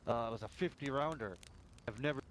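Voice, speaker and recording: A man's voice: medium pitch, quick pace, noisy background. A man in roleplay chat inside a survival game, telling a heated story with lots of swearing and acted-out quotes.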